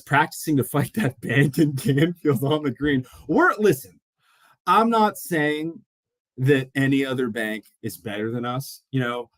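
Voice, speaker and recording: A man co-hosting a casual podcast, telling stories in an animated way and acting out the voices of people he quotes. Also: mid-range voice. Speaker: podcast co-host; mortgage loan officer. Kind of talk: casual chat.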